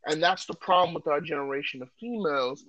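A man co-hosting a podcast, talking loudly and joking in a casual, animated way. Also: a little high, fast talker, no echo, dull audio. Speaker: podcast co-host.

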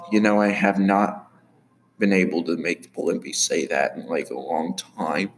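A man casually commenting on his own animated series, rambling with many fillers. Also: deep voice, measured pace, soft background music.

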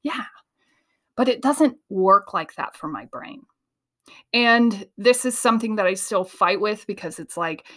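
Woman host, casual monologue, animated storyteller, laughs a lot, ideas racing. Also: medium pitch. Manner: quick, tumbling flow of ideas.

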